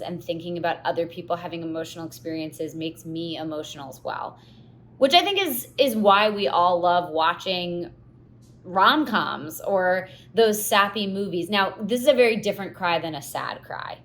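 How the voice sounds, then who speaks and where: Candid, expressive woman with a lowish voice. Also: normal speed. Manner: expressive, confessional, animated storytelling. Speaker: podcast host. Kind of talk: candid personal monologue.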